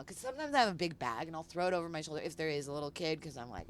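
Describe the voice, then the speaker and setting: A woman's voice: deep voice, sing-song, quick pace, a little hiss or hum. A woman artist telling stories in a casual chat, swearing freely and acting out other people's lines. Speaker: artist guest. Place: outdoor patio.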